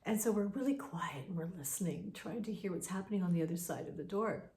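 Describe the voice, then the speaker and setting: A woman's voice: fairly low pitch, fast, warm tone. A woman casually telling a personal ghost story in a chatty, conversational way. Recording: roomy echo.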